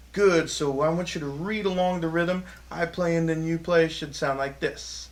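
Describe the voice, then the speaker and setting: A man's voice: fairly high pitch, fairly even intonation, moderate pace, hardly any pauses, a little hiss or hum. A man teaching a children's rhythm lesson, cheerfully chanting rhythm syllables for students to echo back. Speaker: music teacher. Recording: music playing behind the voice.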